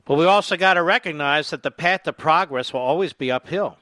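Reading quotes on his political commentary show, this talk radio host answers them sarcastically and indignantly, eventually shouting in anger. His fairly high voice runs a little fast with few pauses, recorded without echo.

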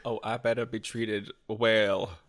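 A man's voice: on the low side, flat delivery, takes it slowly. Playful man telling stories on a podcast. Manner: playful storyteller, sassy banter. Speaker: podcast co-host. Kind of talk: casual chat.

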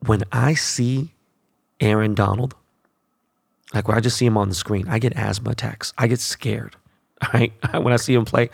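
A young man hosting a sports podcast, ranting bluntly with constant profanity in a casual, animated way. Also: on the low side, normal speed, vocal fry, pauses often, slightly rough, dry recording, studio quality. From Los Angeles. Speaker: podcast host.

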